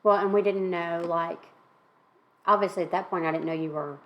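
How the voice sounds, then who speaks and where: A woman hosts a candid conversation, asking her sister gentle, supportive questions. Her voice sits a little lower than most women's. She often answers with soft murmurs of agreement. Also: steady tone, moderate pace, dull audio. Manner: gentle, supportive, many mm-hmms. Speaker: host, older sister interviewing. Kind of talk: conversational interview.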